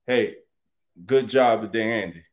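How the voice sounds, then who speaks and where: A man hosting a casual live sports chat, animated and greeting viewers by name. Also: on the low side, a little slow. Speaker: sports talk show host.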